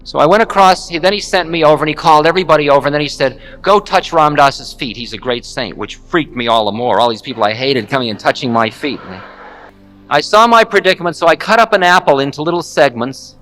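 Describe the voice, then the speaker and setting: A man, a spiritual teacher, telling a story in a candid, wry, animated way. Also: a little high, quick pace, soft background music. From United States. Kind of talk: storytelling talk.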